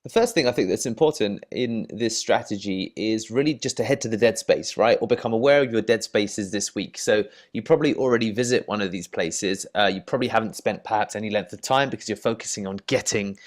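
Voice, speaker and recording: A man's voice: on the low side, fairly quick, hardly any pauses. A man in his thirties with an English accent, a dating coach talking to camera in a loose, chatty way, often repeating words and tagging on "you know" and "right?". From England. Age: 30s. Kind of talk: casual advice talk to camera.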